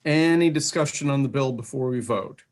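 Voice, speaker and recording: A man chairing a legislative committee session, calling votes in a brisk, procedural way with dry jokes. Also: mid-range voice. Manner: brisk, procedural, dryly joking.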